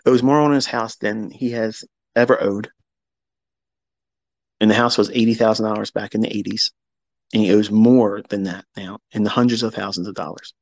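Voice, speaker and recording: A man's voice: fairly low pitch, fairly even intonation, moderate pace, gravelly, no room sound, poor audio. A man in his fifties hosting a live audio chat, telling a personal story in a blunt, profane way and acting out both sides of old arguments. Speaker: host.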